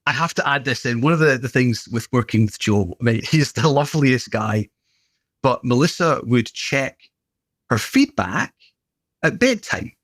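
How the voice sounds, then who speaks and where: British man, animated storyteller. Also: medium pitch, unhurried, no echo. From United Kingdom. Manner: animated storyteller, does playful voices. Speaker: podcast guest, gym owner. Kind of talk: casual conversation.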